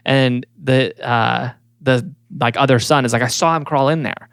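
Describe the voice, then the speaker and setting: A man co-hosting a laid-back podcast, walking through a story and laughing along as he goes. He breaks into playful voices for the people in it. His voice is mid-pitched and recorded dry and close. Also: brisk, vocal fry, hardly any pauses, dry recording. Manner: laughs often, acts out quotes in funny voices. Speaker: podcast co-host. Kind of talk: casual storytelling chat.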